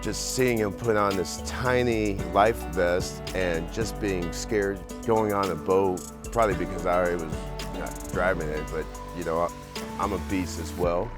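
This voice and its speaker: A former teammate telling a light, self-mocking anecdote in an interview. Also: male voice, sits low, fairly even intonation, a little slow, music in the background.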